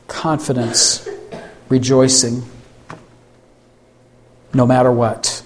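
Slow, deliberate male preacher. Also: medium pitch, little pitch movement, a little hiss or hum. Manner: slow, emphatic preaching with pleading questions. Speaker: pastor. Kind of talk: sermon.

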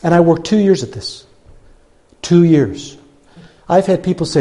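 An older man from Chicago, a pastor telling a self-mocking personal story in an animated storytelling sermon. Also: fairly high pitch, unhurried. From Chicago, USA.

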